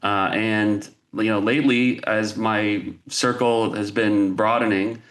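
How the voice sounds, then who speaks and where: A man hosting a podcast, introducing guests in an unhurried, hesitant way. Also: on the low side, fairly even intonation, a bit bright. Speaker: podcast host.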